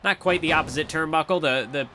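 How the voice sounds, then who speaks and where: Excitable young man calling game action. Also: a little high, fast, soft background music. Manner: excitable, rambling with self-corrections. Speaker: game commentator. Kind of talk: play-by-play commentary of a video game.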